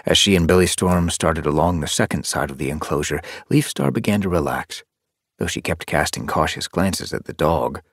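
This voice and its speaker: A man narrating an animal adventure audiobook in an expressive, storytelling manner. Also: deep voice, normal speed, dry recording, studio quality. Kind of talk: scripted narration. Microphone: close studio mic.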